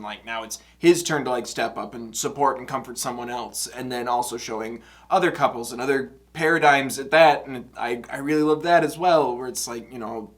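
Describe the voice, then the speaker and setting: Brief: mid-pitched male reaction host, excitable and self-mocking, laughs a lot, quiet reflection turning into loud outbursts. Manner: shifts between soft reflective talk and loud outbursts. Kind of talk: casual reaction commentary.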